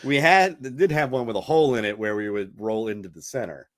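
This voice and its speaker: A man's voice: mid-range voice, fairly quick. A middle-aged man hosting a casual podcast, chatty and rambling, laughing often and restarting his sentences. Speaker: radio host.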